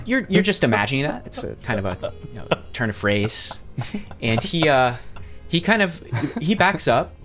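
A male game master describes scenes for his players in a lively, animated voice. He often restarts his sentences while narrating, and faint music plays underneath. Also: mid-range voice, unhurried, pauses often.

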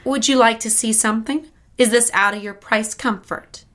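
An actress playing a polished saleswoman in an audio drama, speaking in a smooth, solicitous way. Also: fairly high pitch, steady tone, moderate pace, a bit bright, lightly acted. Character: polished woman, attentive dress shop saleswoman.

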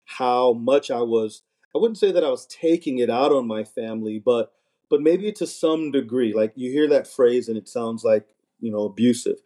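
A man's voice: medium pitch, normal speed, warm tone. A man in casual conversation, talking earnestly and often repeating words as he starts a thought. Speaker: podcast guest, married minister. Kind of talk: casual chat.

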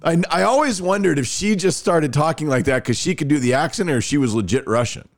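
A podcast host with a voice on the high side talks fairly quickly. He chats casually, tells stories and reads ads with gushing, excitable enthusiasm.

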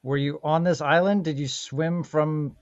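A man's voice: on the high side, steady tone, measured pace, dry recording, lo-fi sound. A man playing in a tabletop game, asking curious questions. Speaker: player. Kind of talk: tabletop role-play.

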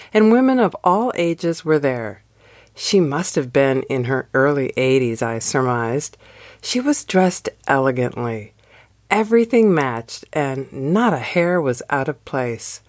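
A woman hosting a devotional show, giving a slow, expressive scripted narration. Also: low-pitched, no echo, clean studio sound. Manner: slow, expressive storytelling read. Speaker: devotional podcast host.

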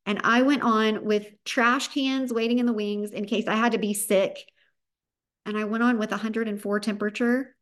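A woman's voice: a little high, steady tone, normal speed. Upbeat Southern woman giving a pep talk. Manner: upbeat, emphatic, pep-talk delivery with rising bursts. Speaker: podcast host. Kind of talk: motivational podcast monologue.

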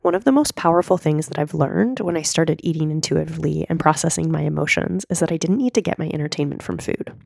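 A woman in her thirties hosting a solo podcast, coaching listeners in an earnest, direct way while hoarse from a cold. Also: low-pitched, fast talker, hardly any pauses, darkish tone, no room sound, clean studio sound. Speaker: podcast host and mindset coach.

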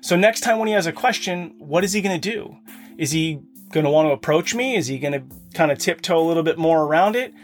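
A man's voice: fairly high pitch, lively intonation, fast, faint music behind. A man in his thirties or forties hosting a podcast for fathers, giving an earnest motivational talk from his home office and speaking straight to the listeners. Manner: earnest, addresses listeners directly. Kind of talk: motivational monologue.

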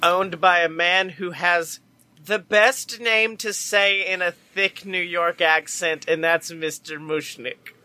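A man's voice: sits high, slow pace, pushed and bright. A man co-hosting a casual podcast about theater, joking and swearing as he recaps a musical's plot. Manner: profane, joking, playful. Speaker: podcast co-host. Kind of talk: casual chat.

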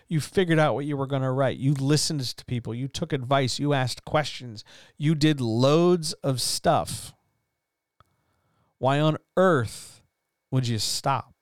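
A man hosting a writers chat, talking earnestly and at length, swearing now and then and repeating phrases, with his voice rising loud and dropping low. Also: dry recording, clean studio sound. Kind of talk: impassioned motivational monologue.

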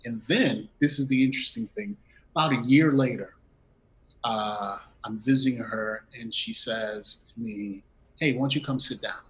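A middle-aged man speaking as an interview guest at a middle pitch. He tells a personal story, jumping into the voices of the people he quotes, and breaks into laughs. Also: normal speed, rough recording. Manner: animated, acts out quoted dialogue with laughs.

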